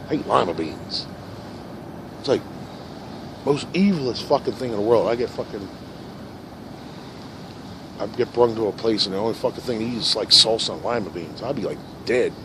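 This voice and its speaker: A man's voice: lively intonation, moderate pace, pauses often. Profane rambling man outdoors. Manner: profane, rambling, swings from low mutters to loud rants. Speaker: vlogger. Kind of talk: rambling monologue. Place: park outdoors. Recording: outdoor recording with traffic noise. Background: passing cars and outdoor ambience.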